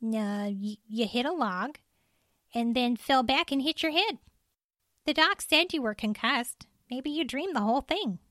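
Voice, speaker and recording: A woman's voice: fairly high pitch, animated, measured pace, fairly bright tone, no room sound, studio quality, voice pushed up. A woman voicing a practical female forest ranger who talks in a wry, matter-of-fact way.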